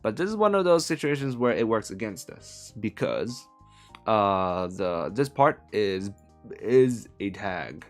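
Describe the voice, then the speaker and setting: Lively, rambling man chatting on stream. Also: fairly low pitch, measured pace, faint music behind. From Hong Kong. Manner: rambling, many fillers and self-corrections, chuckles often. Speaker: streamer translating a novel live. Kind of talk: casual live-stream chat.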